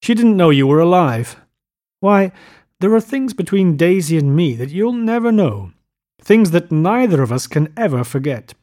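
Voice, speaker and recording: A blustering, arrogant rich husband, voiced by a male reader, loud and raised in pitch, who throws out contempt and accusation. The voice is forceful and domineering. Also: lively intonation, normal speed, natural voice. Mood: savage.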